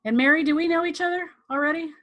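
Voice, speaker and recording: A woman's voice: very high-pitched, fast, fairly bright tone. A woman teaching a tantra class, talking in a chatty, rambling way, acting out quotes and laughing often. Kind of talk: live online class teaching.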